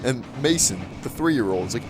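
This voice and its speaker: A man's voice: medium pitch, expressive, moderate pace, soft background music. A man casually telling a rambling story with frequent chuckles and fillers, as a gaming channel host. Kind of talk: casual storytelling over gameplay.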